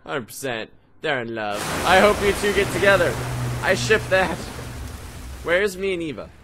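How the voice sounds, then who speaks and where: A man's voice: high-pitched, animated, moderate pace, noisy background. A young man commenting on a video game as he plays, sarcastic and joking, with sudden exclamations. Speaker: let's play host. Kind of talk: gameplay commentary. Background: loud game music.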